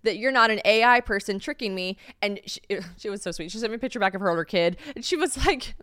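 A woman's voice: mid-range voice, quick pace, fairly bright tone, no echo, clean studio sound. A young adult woman hosting a podcast, telling a story in a chatty, profane, self-mocking way and acting out the voices she quotes. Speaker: podcast host. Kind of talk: casual storytelling chat. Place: Tennessee.

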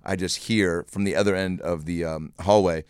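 Deep-voiced joking podcast co-host. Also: male voice, steady tone, moderate pace, a little mellow, clear, resonant tone, no room sound, clean studio sound. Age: 30s. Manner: joking storyteller who slips into voices. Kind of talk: casual podcast chat.

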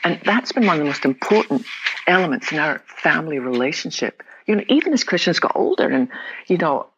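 A woman's voice: sits low, big pitch swings, brisk, a bit bright, highs cut off, a little hiss or hum. A woman telling personal family stories as a guest in an interview, earnest and reflective, sometimes acting out what her family said. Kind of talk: personal storytelling in a podcast interview.

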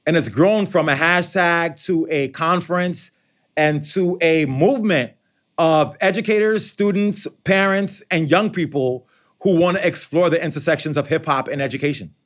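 Male author being interviewed, slightly high pitch, animated and chatty. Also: moderate pace. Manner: animated, conversational, acts out quotes. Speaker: author and educator. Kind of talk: interview answers.

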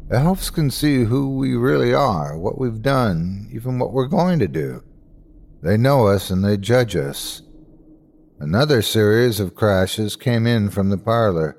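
A man hosting and narrating a scripted horror story with a measured, suspenseful delivery. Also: lowish voice, lively intonation, gravelly, darkish tone. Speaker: host and narrator.

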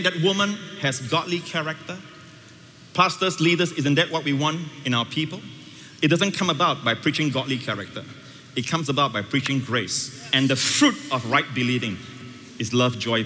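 A high-voiced, bright male preacher delivering a sermon in a large hall with a long reverb tail. He swings emphatically between ringing peaks and quiet, low asides. Faint ambience lingers behind him. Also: slight background noise. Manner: emphatic, with sweeping shifts between loud highs and quiet lows. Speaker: pastor.

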